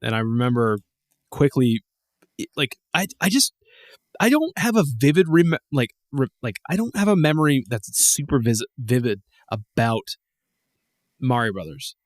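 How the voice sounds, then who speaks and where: Man, podcast co-host, casual chat, animated up-and-down pitch, very dry close sound, rambling. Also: moderate pace, no room sound. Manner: rambling, laughing, swearing, many restarts.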